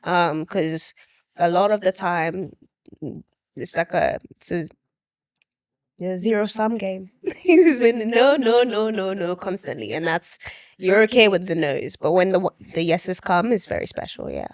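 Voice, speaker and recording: A young adult actress speaking as an interview guest in casual chat, expressive and quick to laugh. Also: female voice, fairly low pitch, no echo. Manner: expressive, laughs often, lively storytelling.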